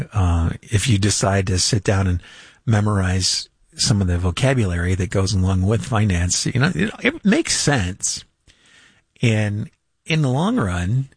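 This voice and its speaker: Husky older man hosting finance radio. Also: on the low side, no room sound. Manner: rambling, chuckles, many fillers and restarts. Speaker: radio finance show host. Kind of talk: casual unscripted radio talk. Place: radio studio.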